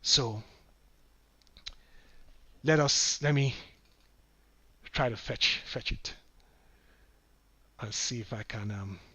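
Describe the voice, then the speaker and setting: A man preaching online to his brethren, moving between hushed remarks and indignant rebukes. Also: mid-range voice, very slow, long pauses, slightly rough, no echo. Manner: preachy, addresses listeners as brethren, swings from hushed to shouting. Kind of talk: impassioned religious commentary.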